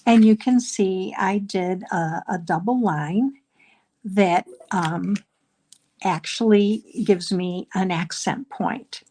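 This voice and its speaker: A middle-aged woman talks slowly through a live card-making class, explaining each step in a chatty, unhurried way with plenty of ums. Her pitch sits in a middle range for a woman. A faint hiss runs under her voice. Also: dark tone. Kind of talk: live crafting class demonstration.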